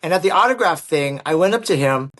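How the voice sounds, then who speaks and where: Man guest, storyteller, a bit high-pitched, animated, quotes people as he goes. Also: fast talker. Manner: animated anecdote-telling with acted-out quotes. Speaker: guest, martial artist and actor. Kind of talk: storytelling in an interview.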